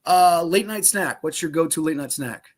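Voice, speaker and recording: A man hosting a sports podcast, asking quick questions in an upbeat, easygoing manner. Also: fairly high pitch. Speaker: podcast host.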